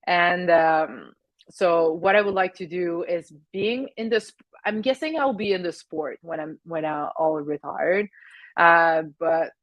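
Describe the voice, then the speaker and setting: A woman in her thirties, an Olympic speed skater with a French Canadian accent, speaks as a guest in a casual interview. Her fairly low voice is unhurried and hesitant, full of fillers. There is no echo, and the high frequencies are cut off.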